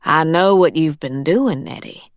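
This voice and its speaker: A woman's voice: deep voice, expressive, unhurried, no echo, clean studio sound. Woman reading Eleanor, a cool firm employer.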